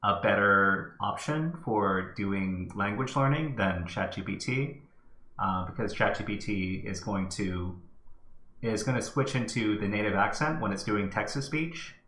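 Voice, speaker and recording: Hesitant male tutorial host with a bright, forceful tone. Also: lowish voice, expressive, a little slow, reverberant. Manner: thinking aloud, hesitant. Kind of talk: screen-recorded tech tutorial.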